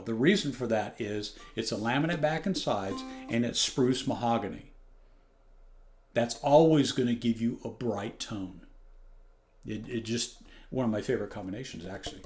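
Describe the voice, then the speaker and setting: A man's voice: medium pitch, moderate pace, a little mellow, faint music behind. A man giving a casual spoken ukulele review at home on a phone microphone, rambling and correcting himself with keen enthusiasm. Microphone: external phone microphone.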